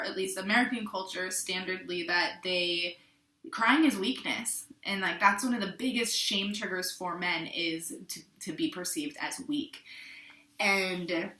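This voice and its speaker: A woman's voice: on the low side, reverberant. A young adult woman from the Pacific Northwest, talking candidly and reflectively to her channel's viewers, with frequent restarts. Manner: candid, rambling, with frequent restarts and soft asides. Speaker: vlogger. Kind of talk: casual reflective talk to camera.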